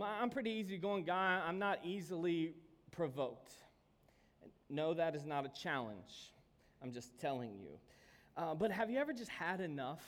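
A man preaches a sermon in a fairly high voice, telling stories from his own life. He moves from easy calm talk to sudden loud shouts. His voice rings with a long reverb from the hall around him. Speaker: pastor.

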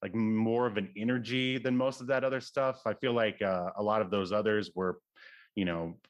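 A man co-hosting a casual film podcast, talking in a relaxed, hesitant way with many fillers. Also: on the low side, moderate pace. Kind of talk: casual chat.

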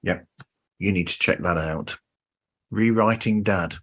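Podcast host, man, 50s; low, slightly husky voice, easygoing interviewer. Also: a little slow, a bit bright. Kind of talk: casual podcast chat.

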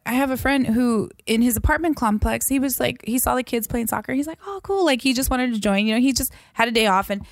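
A young adult woman co-hosting a podcast, chatty and telling stories with lively quoted voices. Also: fairly high pitch, quick pace, hardly any pauses, no echo. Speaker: podcast co-host. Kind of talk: casual chat.

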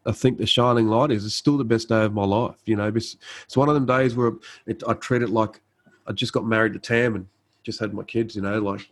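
Laid-back low-voiced man telling war stories. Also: fairly even intonation, fairly quick, poor audio. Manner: laid-back, frequent fillers and restarts, acts out quoted dialogue. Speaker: guest, army medic. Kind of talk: conversational storytelling.

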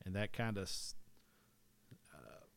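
A man's voice: low voice, big pitch swings, slow, vocal fry. A man from East Tennessee with a Southern accent, co-hosting a casual history chat in a rambling way, often restarting and correcting himself.

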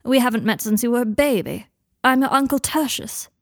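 A woman voicing a warm, hospitable middle-aged uncle who speaks in a hearty, loud way, in a fan fiction audiobook. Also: fairly high pitch, fairly quick, no echo, clean studio sound, pitched above the performer's own voice.

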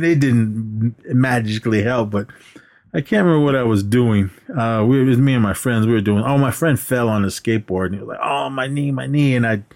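Male podcast co-host, mid-pitch, lively storyteller who acts out scenes. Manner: animated retelling, acting out scenes with laughs. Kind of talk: casual movie chat.

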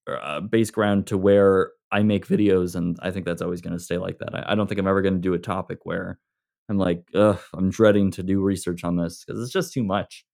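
A man speaks in a lowish, gravelly voice full of vocal fry, meandering easily through his thoughts. The recording is close and dry. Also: no echo. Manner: relaxed, meandering, lots of fillers. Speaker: video creator, podcast guest. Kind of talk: casual conversation.

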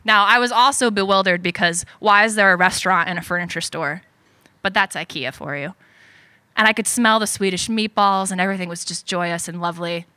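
A young woman telling a personal story on stage at a story slam, animated and self-deprecating. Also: medium pitch, a little fast, dry recording.

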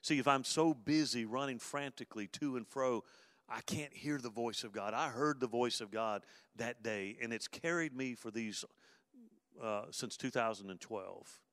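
A man preaching a sermon in an easy, conversational way, dropping to a hush in tender moments and rising to emphatic bursts. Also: mid-range voice, moderate pace, dry recording, clean studio sound, long reverb tail. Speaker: pastor.

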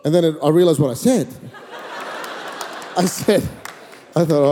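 A man preaching to his congregation, spinning a funny personal story with lively swings of energy and loud, excited bursts. His voice is fairly high for a man yet mellow and dark in tone. The sound rings out in a large church hall with a long reverb tail. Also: slow pace, long pauses, slight background noise. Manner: animated, comic storytelling with sudden loud peaks. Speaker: pastor. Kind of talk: storytelling sermon.

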